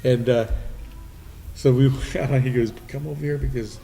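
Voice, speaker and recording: A man's voice: mid-range voice, fairly even intonation, normal speed, gravelly, dark tone. A man hosting a live podcast, telling stories casually, swearing and acting out what others said. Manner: swearing storyteller, acting out quoted voices. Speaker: podcast host. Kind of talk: casual storytelling chat. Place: restaurant venue, live podcast. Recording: faint noise, live remote venue.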